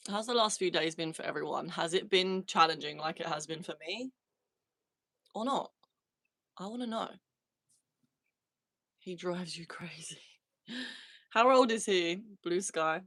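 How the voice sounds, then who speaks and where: A woman's voice: on the low side, a bit bright, no room sound, clean studio sound. A woman in her thirties hosting a casual live chat from a small converted shed, reading viewer comments aloud and laughing often. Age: 30s. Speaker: livestream host.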